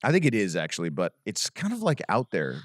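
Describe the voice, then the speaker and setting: A man hosting a casual podcast roast, teasing a guest with lively, repetitive banter. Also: lowish voice, brisk, no echo, clean studio sound. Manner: lively, teasing, laughs a lot, repeats himself. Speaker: podcast host.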